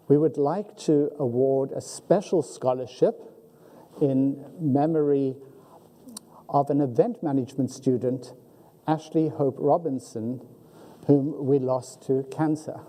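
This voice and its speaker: A woman's voice: extremely low pitch, mellow. A woman with a South African accent announcing scholarship awards at a ceremony, joking lightly with the audience. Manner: self-deprecating, joking with the audience. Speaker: ceremony presenter. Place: auditorium. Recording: long hall reverb.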